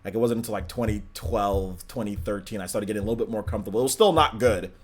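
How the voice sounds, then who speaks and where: A young man hosting a casual livestream, reading chat questions and answering in a relaxed, rambling way with many ums and likes. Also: fast talker. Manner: lifts voice when animated, drops to flat low tone otherwise. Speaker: livestream host.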